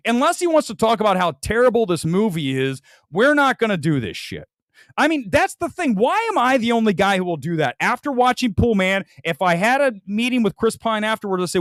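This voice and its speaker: Guy hosting a movie show, ranting and mocking critics, high voice that jumps all over, dry close mic. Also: very animated, moderate pace, a bit bright, dry recording. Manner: combative, mocking, theatrical outbursts. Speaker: movie review show host. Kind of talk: ranting commentary on film reviews.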